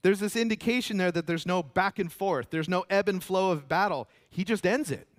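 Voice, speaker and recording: A man preaching a sermon as pastor, animated and often repeating words. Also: high voice, moderate pace.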